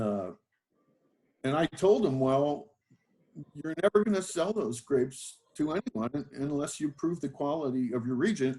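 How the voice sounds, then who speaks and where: An older man sits for an interview and tells his life story, wandering from one memory to the next. He talks in a loose, self-deprecating way, with many fillers and false starts. His voice sits at an ordinary middle pitch. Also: a little mellow. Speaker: guest, winemaker.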